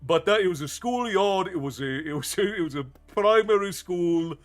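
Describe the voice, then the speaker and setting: Chatty man, slightly high voice. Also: animated, normal speed. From United States. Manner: rambling, self-amused, laughs often; reads and answers viewer chat. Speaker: storytelling streamer. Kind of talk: casual live-stream chat.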